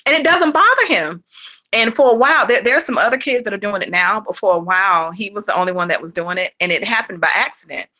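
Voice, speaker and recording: A woman and homeschooling mother, a guest in a casual interview. She talks in a rambling, animated way, with many fillers and restarts and quick laughs, and she acts out her children's lines. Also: mid-range voice.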